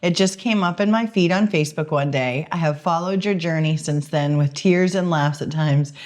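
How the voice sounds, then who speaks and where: A woman co-hosting a podcast in casual chat, playful and quick to laugh. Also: deep voice, a little mellow. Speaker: podcast co-host.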